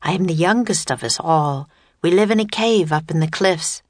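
A woman voicing a kind, bold teenage girl from the sea who speaks in a gentle, formal way. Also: fairly low pitch, normal speed, no room sound, clean studio sound, lightly acted.

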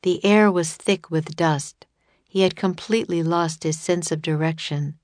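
A woman narrating a children's chapter book in a steady, expressive reading. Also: low-pitched, measured pace, no echo, clean studio sound. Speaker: audiobook narrator. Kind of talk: scripted storybook narration.

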